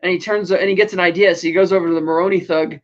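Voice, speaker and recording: A man's voice: high voice, steady tone, racing, highs cut off. A man co-hosting a podcast, recapping a TV episode in a rambling way with many fillers. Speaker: podcast co-host.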